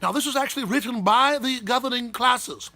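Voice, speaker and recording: A man's voice: very high-pitched, fairly quick, sharp tone, no room sound, voice pushed up, exaggerated voice. A man putting on a pompous English accent to play a haughty, lecturing intellectual. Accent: put-on English. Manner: lecturing, haughty, mock-refined.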